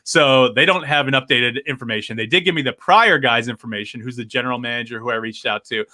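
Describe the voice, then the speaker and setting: Man, podcast host, bright forceful voice, ranting, acts out his phone calls. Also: mid-range voice, fast. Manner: ranting storyteller, acting out both sides of calls. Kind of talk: casual podcast chat.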